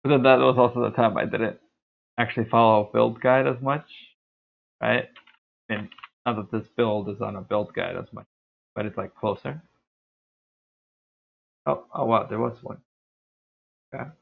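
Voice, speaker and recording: A man's voice: mid-range voice, moderate pace, creaky, pauses often. A man streaming a live game, giving rambling, chatty commentary full of filler words as he plays. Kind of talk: casual live gameplay commentary. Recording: tinny phone-like audio.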